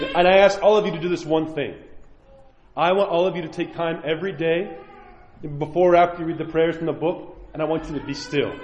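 A man preaching a sermon as a priest, impassioned, swinging from loud pleading to near-whispered prayer. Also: on the high side, muffled recording. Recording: echoey church hall.

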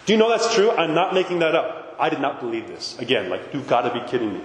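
A man's voice: on the high side, fast, hardly any pauses. Emphatic man in an echoey hall. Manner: emphatic, keeps asking "right?" and insisting he is serious. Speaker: speaker at a parish gathering. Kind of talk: impassioned talk to a congregation. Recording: echoey hall with long reverb.

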